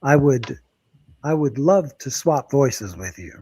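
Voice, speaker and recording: A man's voice: medium pitch, animated, takes it slowly, mellow, breathy edge. A man hosting and editing a podcast, chatting casually with a wry, joking manner. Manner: wry, joking, laughs often. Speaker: podcast host and editor. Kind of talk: casual panel chat.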